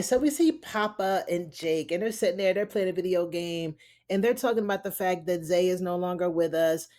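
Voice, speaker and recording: Give me a woman with a slightly low voice giving a chatty TV episode recap. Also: warm tone. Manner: chatty, lots of "you know" and "honey". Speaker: TV recap reviewer. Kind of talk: casual spoken episode recap.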